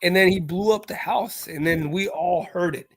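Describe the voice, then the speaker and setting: A young man chatting casually on a live stream, telling stories with lots of fillers and shouting out quoted lines. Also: high-pitched, moderate pace. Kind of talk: casual chat. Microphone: live stream call mic.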